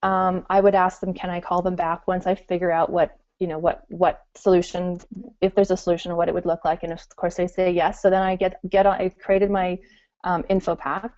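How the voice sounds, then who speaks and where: A middle-aged woman talking casually in an interview and acting out her customers' excited reactions. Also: lowish voice, fairly quick, dry recording. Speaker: guest entrepreneur. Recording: muffled call audio.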